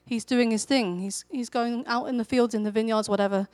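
Preaching briskly in a fairly high, slightly mellow voice with fairly even intonation, a woman tells the story as though chatting. Her energy rises when she voices a character's lines. The sound is dry and close, with no echo.

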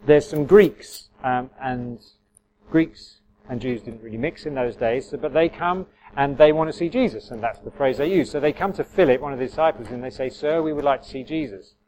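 A man's voice: mid-range voice, moderate pace, a little mellow, rough recording. A man giving an informal sermon, chatty and self-correcting, with wry asides to the congregation. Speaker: preacher. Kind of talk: informal sermon with audience interaction.

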